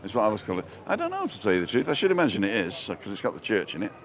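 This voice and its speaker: A man's voice: fairly low pitch, wildly swooping pitch, rapid-fire. A middle-aged man hosting a casual live stream as he walks outdoors through town streets, chatting and reading out viewer comments with a joking manner.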